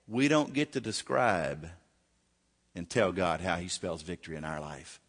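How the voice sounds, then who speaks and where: A male pastor preaching a sermon, swinging dramatically from shouting to near whisper. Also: low-pitched, measured pace, in a large hall.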